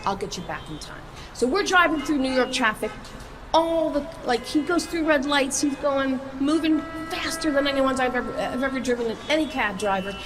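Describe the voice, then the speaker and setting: Excitable woman telling a story. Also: high voice, moderate pace, big-room sound, music in the background, low-quality recording. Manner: excitable, animated, stumbling restarts. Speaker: singer-songwriter telling her story. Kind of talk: personal storytelling.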